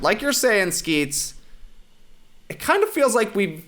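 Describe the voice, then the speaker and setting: A man co-hosting a casual movie podcast, playful and animated, slipping into a hammy movie-trailer delivery. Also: high-pitched, slow pace, pauses often. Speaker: podcast co-host.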